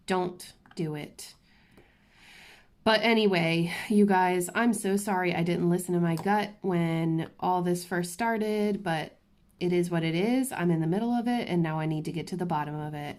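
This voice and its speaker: A woman vlogging from her crafting table at home, talking candidly and ranting to her viewers with quick restarts and asides. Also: lowish voice. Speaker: diamond painting YouTuber. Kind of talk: casual chatty vlog while crafting.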